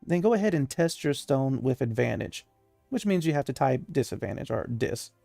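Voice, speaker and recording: A chatty male game master narrates a fantasy tabletop session at an even middle pitch. He laughs often and fills pauses with frequent fillers. The sound is dry and close, with faint music behind. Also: gravelly, no echo.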